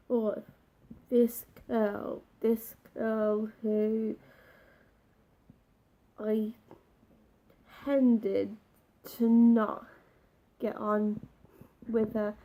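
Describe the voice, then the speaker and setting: Slow, mellow-voiced woman. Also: a little high, low-quality recording. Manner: halting, emotional retelling with restarts. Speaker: vlogger. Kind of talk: personal storytime.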